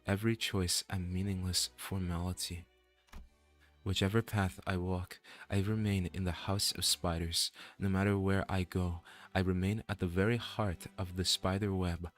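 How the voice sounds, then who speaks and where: A man voicing a despairing captive trapped in a web of fate, reading game dialogue in a slow, solemn, weary way. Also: deep voice, level tone, faint music behind, close to an everyday voice.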